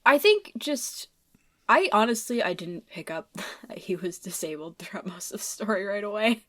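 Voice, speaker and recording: A woman's voice: mid-range voice, animated, normal speed, a bit bright. A woman co-hosting a casual book discussion podcast, reacting candidly and briefly.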